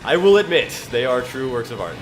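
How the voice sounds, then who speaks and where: Playful man with a lively voice. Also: medium pitch, a little fast, faint music behind. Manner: playful, jokey, slips into mock-archaic phrasing. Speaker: streamer. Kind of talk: casual gameplay stream chat with scripture reading.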